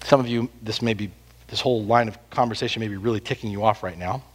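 A man preaching a sermon, pressing rhetorical questions and swinging between hushed, slow lines and loud, emphatic ones. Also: lowish voice, long reverb tail. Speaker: pastor.

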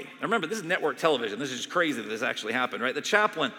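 A male pastor giving a sermon in a conversational, animated storytelling way, in a church sanctuary. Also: mid-range voice, rapid-fire, few pauses. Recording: long hall reverb.

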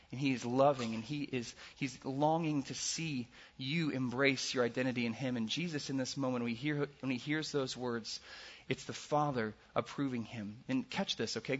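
A man preaching a sermon as a pastor, earnest, with his voice swinging between loud emphasis and soft hushed passages. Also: mid-range voice, muffled recording.

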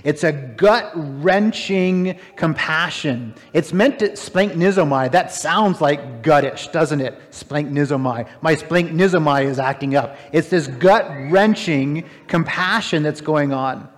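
A man preaching a sermon, retelling a parable with animated, emphatic, incredulous asides. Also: fairly high pitch, takes it slowly, few pauses. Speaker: pastor. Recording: long hall reverb.

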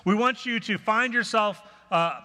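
A man's voice: high-pitched, measured pace, sharp tone. A male pastor giving a sermon to his congregation, earnest and conversational. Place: church auditorium. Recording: reverberant church hall.

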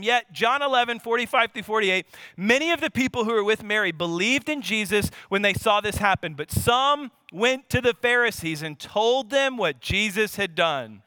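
A man in his thirties preaches with passion, his high, bright voice rising to loud emphasis and then dropping low and quiet. His tone is smooth and clear, recorded close and dry. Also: animated, normal speed, dry recording. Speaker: pastor. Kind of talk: sermon.

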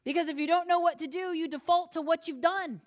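High-voiced woman preaching with humor. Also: fast talker. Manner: lively storytelling, acting out voices with humor. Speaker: pastor. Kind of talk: sermon.

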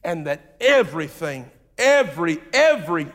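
A pastor preaching an animated sermon, swinging between loud and hushed. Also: male voice, on the high side, moderate pace. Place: church sanctuary. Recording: long reverb of a large hall.

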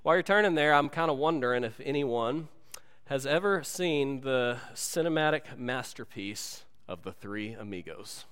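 A man preaching a sermon, telling stories in an animated way and acting out movie lines for his congregation. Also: mid-range voice, moderate pace, clear, resonant tone, big-room sound. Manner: animated storytelling, acts out movie dialogue. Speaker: pastor. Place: church sanctuary.

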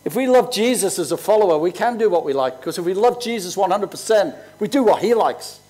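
Older pastor in his sixties, high-pitched, chatty storytelling sermon. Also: animated, fast, mellow. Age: 60s. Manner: conversational, storytelling preacher. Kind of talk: sermon with personal stories.

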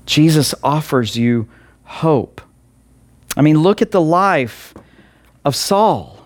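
A man preaching an online sermon as a pastor. He speaks earnestly and emphatically, asks listeners direct questions and repeats key words with long pauses. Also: mid-range voice, animated.

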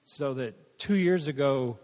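A middle-aged man shares a grateful testimony in church and stumbles through repeated words. His voice sits at an ordinary pitch and echoes with long hall reverb. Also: slow pace, darkish tone. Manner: grateful, stammering. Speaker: congregation member.

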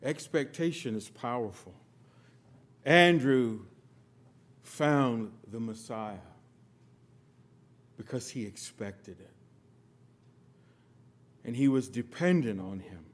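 Storytelling American pastor with loud bursts. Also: male voice, mid-range voice, slow, pauses often. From United States. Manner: storytelling with sudden loud emphatic bursts and quiet asides. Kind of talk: sermon.

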